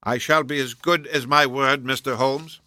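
A man's voice: mid-range voice, steady tone, moderate pace, pushed and bright, no echo, clean studio sound, pitched above the performer's own voice. A man voicing a stern, aging male duke in an audiobook, clipped and imperious. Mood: strained. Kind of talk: audiobook character voice.

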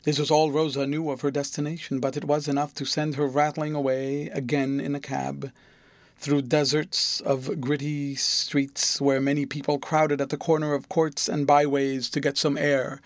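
Expressive male audiobook narrator. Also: mid-range voice, no echo. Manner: measured, expressive storytelling.

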